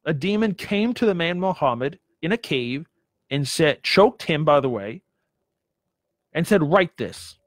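A man delivers a sermon in a fairly high voice, pressing his point with repeated rhetorical questions. The sound is dry and close, with no room echo. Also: lively intonation, unhurried. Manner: emphatic, repeats himself, asks the listeners rhetorical questions. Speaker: preacher.

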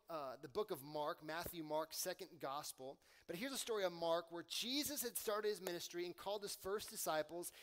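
High-voiced man preaching a sermon. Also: a bit bright. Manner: conversational preaching with slang and swings in volume. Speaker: pastor.

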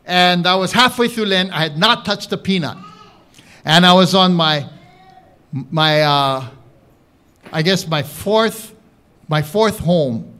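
A man with a Hawaiian Pidgin accent doing live stand-up comedy, telling an animated story with audience banter. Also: sits high, takes it slowly, pauses often. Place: live showroom stage with audience. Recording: echoey room, crowd laughter, background noise.

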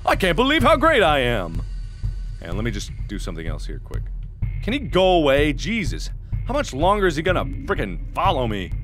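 A man hosting a gaming video, giving let's play commentary with loud, exaggerated, mock-angry outbursts. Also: fairly high pitch, wildly swooping pitch, brisk, soft background music.

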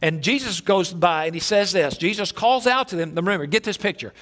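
A man's voice: high voice, expressive, fairly quick, fairly bright tone. A male pastor preaching a sermon in a church, telling stories with energy and many repeats and restarts. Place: church sanctuary.

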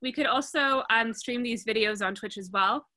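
A female student presenting a campaign pitch on a video call in an eager, casual way. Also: normal speed, sharp tone.

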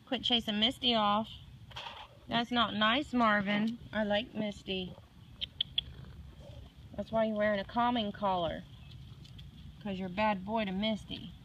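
A woman's voice: medium pitch, fairly even intonation, measured pace, pauses often. A woman filming her cat and talking to it in cooing, sing-song baby talk. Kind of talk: casual home video. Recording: noisy home camera recording.

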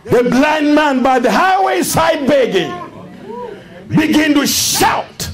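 A man preaching a fervent sermon in a church, often shouting. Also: extremely high pitch, animated, slow, a faint crowd. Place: church with congregation. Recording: congregation responding behind.

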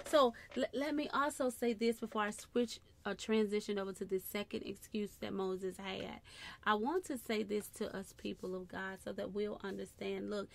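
A woman preaching a sermon, constantly breaking in with short praise phrases and dropping to soft murmurs between points. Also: medium pitch, dry recording.

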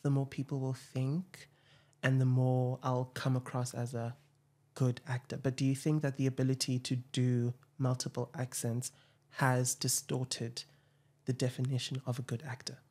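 A young man, hosting an interview in a hesitant, reflective way, with frequent pauses and fillers. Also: medium pitch, completely flat delivery, dark tone. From South Africa. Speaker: podcast host. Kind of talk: casual interview chat.

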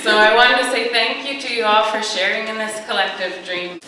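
Gracious woman speaking in a booming hall. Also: a little fast, noisy background. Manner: gracious, lightly self-deprecating. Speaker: cultural society representative. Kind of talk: formal welcome speech. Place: large ceremonial big house. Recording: echoey hall from far off.

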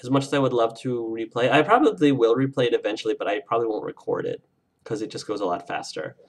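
A man's voice: mid-range voice, lively intonation, fast talker. A man hosting a game livestream, chatting casually with viewers in an effusive, emotional way. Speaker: let's play streamer.

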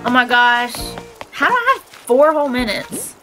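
Giggly high-voiced woman streamer, stuffy. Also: moderate pace, faint music behind, poor audio. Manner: excitable, giggly, squeals when finding players. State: stuffy from allergies. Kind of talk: live game stream chat.

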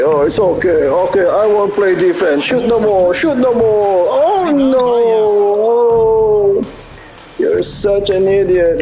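A man's voice: high voice, slow, warm tone, low-quality recording. A man playing a basketball video game, mocking his opponent with taunts and laughter. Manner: mocking trash talk, frequent laughter. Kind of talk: taunting live gameplay commentary. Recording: game crowd noise behind voice. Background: basketball game crowd noise.

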